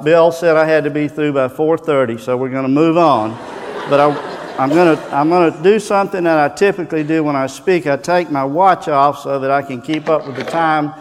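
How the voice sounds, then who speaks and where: Southern US man, guest speaker at a chapel, folksy and joking. Slightly high voice, long reverb in a large hall. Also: slight background noise. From Texas. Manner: folksy and joking, with fillers and restarts. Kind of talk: humorous chapel talk.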